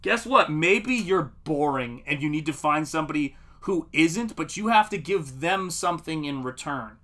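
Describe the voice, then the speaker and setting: Middle-aged male streamer, bright, slightly high voice, lively anecdote-teller, casual. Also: moderate pace. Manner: animated storytelling, acts out quotes. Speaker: comic artist streamer. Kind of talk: casual livestream chat.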